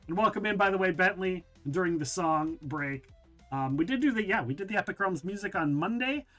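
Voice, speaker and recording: Bright high-voiced joking male streamer. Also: very animated, normal speed, soft background music. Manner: joking, rambling, chuckles often. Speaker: game streamer. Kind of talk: casual live-stream chat.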